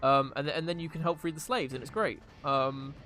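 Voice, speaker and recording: A man's voice: a little high, moderate pace, bright, forceful tone, soft background music. A man streaming a video game and chatting casually, rambling with many fillers and restarts. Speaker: live streamer. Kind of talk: casual gameplay chat.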